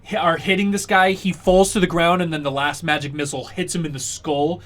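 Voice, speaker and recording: A man narrating as dungeon master in a relaxed, casual way, with plenty of fillers. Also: a little high, a little fast. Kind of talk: narrating a tabletop game.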